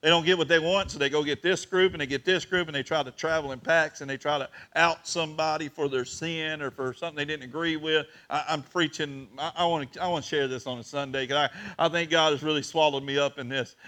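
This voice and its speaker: A man preaching to his congregation, his voice climbing to loud and then sinking to a near whisper. His tone is bright and a little high for a man. He tells the story with open emotion. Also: fairly even intonation, quick pace, few pauses. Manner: emotional, swings between loud and hushed. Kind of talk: sermon.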